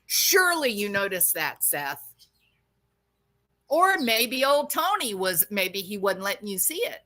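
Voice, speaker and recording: A woman's voice: medium pitch, big pitch swings, a little slow, sharp tone. A woman from the Arkansas-Louisiana hill country, scolding and preaching at someone she speaks to directly. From American South, Arkansas-Louisiana area. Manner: scolding, preachy, addresses her subject directly. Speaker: commentary channel host. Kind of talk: opinionated commentary monologue.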